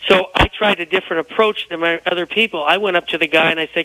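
A man who is feeling unwell, a guest telling lively anecdotes on a radio interview. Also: high-pitched, quick pace, no room sound, poor audio. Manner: animated, tells anecdotes with quoted dialogue. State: unwell, feels physically poor. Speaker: guest author.

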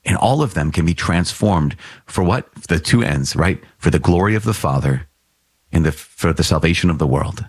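Low husky priest guy talking a homily, earnest but chatty, super dry close mic. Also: expressive, normal speed, dry recording. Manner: earnest, conversational preaching with asides. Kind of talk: podcast homily.

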